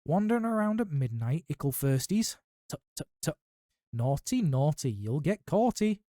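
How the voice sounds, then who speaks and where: A man voicing a mischievous male poltergeist who taunts in a high sing-song voice. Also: sing-song, moderate pace, warm tone, dry recording, clean studio sound. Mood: taunting.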